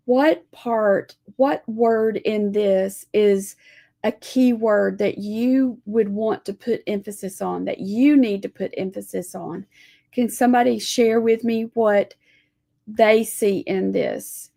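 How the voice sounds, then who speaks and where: A woman teaching a live lettering lesson, talking gently to viewers as she draws and reads scripture. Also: medium pitch, creaky. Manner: slow, gentle, talks to viewers while drawing.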